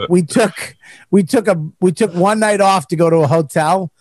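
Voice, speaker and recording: Higher-voiced podcast host, dry sound. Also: male voice, moderate pace, darkish tone, no room sound. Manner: crude, laid-back storyteller. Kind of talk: casual podcast chat.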